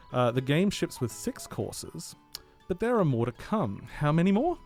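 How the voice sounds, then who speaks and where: A man co-hosts a games podcast from a community radio studio, with a voice at an ordinary pitch for a man. He talks with eager, chatty enthusiasm and moves from loose banter into a read-out game review. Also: darkish tone. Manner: enthusiastic, chatty, laughs easily. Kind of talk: casual chat, then read-out review.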